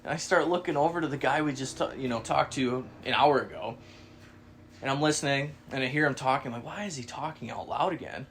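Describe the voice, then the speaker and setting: Podcast co-host, man, casual animated storyteller, salty language, mimics the people he quotes. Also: mid-range voice, fairly quick, a little hiss or hum. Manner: animated, swearing, acts out quoted voices.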